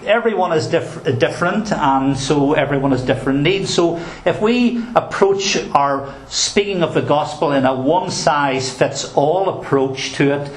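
A male pastor preaching a sermon in an earnest, emphatic way, with touches of dry humor. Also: mid-range voice. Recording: roomy echo.

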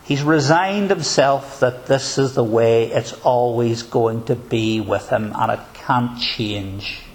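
A man preaching a sermon in an earnest, measured way, asking probing rhetorical questions. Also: medium pitch.

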